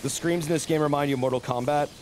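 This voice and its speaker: Streamer, male, animated commentary with sudden shouts, voice on the higher side, noisy stream audio. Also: rapid-fire. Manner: excitable, shouts and exclaims during fights. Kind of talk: casual live-stream gameplay commentary.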